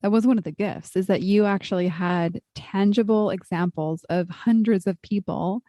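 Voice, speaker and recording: A woman's voice: medium pitch, fairly even intonation, normal speed, warm tone, no room sound, clean studio sound. A middle-aged woman hosting a podcast, thoughtfully asking long, searching questions in conversation. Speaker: podcast host. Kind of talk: conversational interview.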